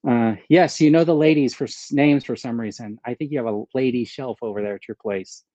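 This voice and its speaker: A man hosting a live stream, talking casually and rambling as he thinks aloud and answers chat. His voice is mellow and relaxed. The audio is dry and a little dull, like lo-fi stream sound. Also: medium pitch, fairly quick, no echo. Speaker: host of a live stream about his action figure collection.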